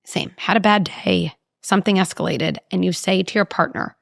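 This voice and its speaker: A woman talking as a parenting psychologist in an interview, animated and explaining with vivid examples. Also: fairly low pitch, normal speed, creaky, no room sound, clean studio sound. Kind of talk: conversational interview.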